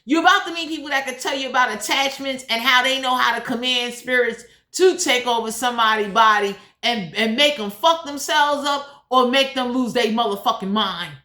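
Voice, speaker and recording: A woman's voice: a little high, normal speed, few pauses, bright, forceful tone. A woman doing a blunt, profane, heated tarot reading in a casual monologue. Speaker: tarot reader. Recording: echoey room.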